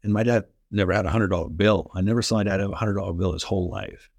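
A man's voice: deep voice, quick pace, gravelly, dry recording. A man in his forties, a former hockey player and coach, telling personal stories with enthusiasm and frequent "like"s. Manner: enthusiastic, animated, says "like" often. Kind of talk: energetic storytelling in conversation.

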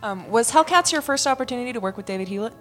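A woman's voice: a little high, expressive, very fast, a bit bright, faint music behind. A woman moderating a panel, asking teasing questions and giggling.

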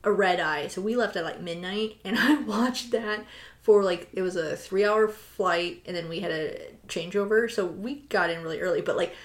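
A woman's voice: mid-range voice, normal speed. A chatty woman co-hosting a podcast, her talk loose and full of filler words. She sounds like she's in an echoey room. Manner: chatty, lots of "like" fillers, animated retelling. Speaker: podcast co-host. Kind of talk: casual chat.

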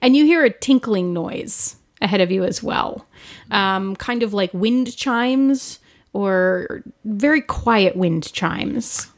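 A woman running a tabletop game as game master, describing the scene in an unhurried way. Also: mid-range voice, lively intonation.

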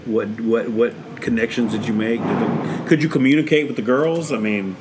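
A man co-hosting a podcast, asking questions and backing up the guest with quick affirmations. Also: medium pitch, steady tone, background noise. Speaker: podcast co-host. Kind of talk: casual chat.

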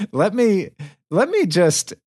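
His voice is high, a little mellow and slightly rough, with studio quality and no echo from a remote recording for a virtual studio. The man hosts a podcast, telling a story casually and upbeat, with lots of fillers and laughter.

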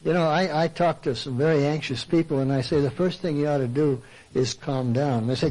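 An older man delivers a sermon in a conversational way, with a fairly high-pitched voice. He keeps asking rhetorical questions and voices his listeners' complaints back at them. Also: brisk, a little mellow, poor audio. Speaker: Christian speaker and counselor. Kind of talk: sermon talk.

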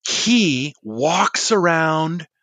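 A man in his forties telling an anecdote, chatty and animated, acting out the people he quotes. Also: on the high side, drawn-out words, no echo. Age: 40s. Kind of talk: storytelling monologue.

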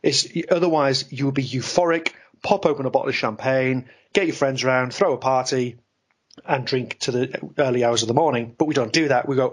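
A man, a guest on a podcast interview, explaining ideas in an animated, talkative way. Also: mid-range voice, a little fast, slightly rough. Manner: animated, explanatory, self-deprecating about ranting. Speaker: guest, investment expert.

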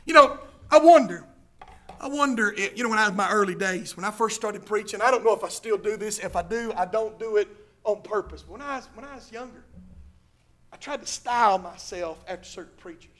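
A preacher with a strikingly high, bright voice delivers an animated sermon. He leaps into the voices of the people in his Bible stories, then drops back into plain teaching. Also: fairly quick. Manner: animated, acts out Bible quotes in character.

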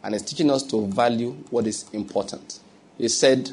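A man's voice: medium pitch, normal speed, a little mellow, husky. A man with a Nigerian accent preaching a sermon as a pastor, asking rhetorical questions and mixing in humor.

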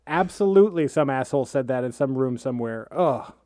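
A woman's voice: extremely low pitch, expressive, warm tone, dry recording, clean studio sound. A woman co-hosting a podcast in casual comedic chat, with sarcastic, teasing quips. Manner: sarcastic, quick-witted, teasing. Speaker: podcast co-host.

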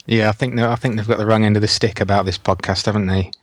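A man co-hosting a podcast in an easygoing, casual way. His voice sits a bit low, and the recording is dry and close with no room sound. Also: fairly even intonation, quick pace, no echo. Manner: easygoing, reads out listener messages. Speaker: podcast co-host. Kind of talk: casual chat.

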